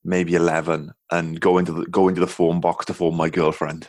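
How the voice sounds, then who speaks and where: A man's voice: low-pitched, flat delivery, normal speed, darkish tone, no room sound, clean studio sound. A man in his thirties from England, hosting a podcast in a loose, chatty way, rambling with many "you know"s. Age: 30s. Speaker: podcast host. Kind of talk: casual podcast chat.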